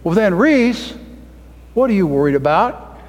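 A man preaching a sermon, emphatic, with his voice climbing to loud high peaks. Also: big pitch swings, unhurried, long reverb tail.

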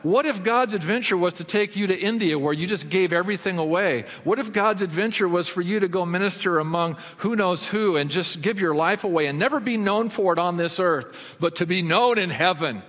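Pastor guy preaching, kinda high voice, long echo tail like a big sanctuary, asks the crowd stuff then answers it himself. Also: a little fast, few pauses. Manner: asks the congregation questions and answers them himself; swings between fervent high passages and low quiet ones. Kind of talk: sermon. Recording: long hall reverb.

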